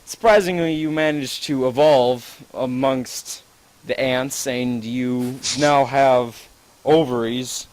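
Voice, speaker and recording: A man's voice: medium pitch, low-quality recording. A man improvising a rambling, profane, gleefully gross story to a friend, full of "like"s.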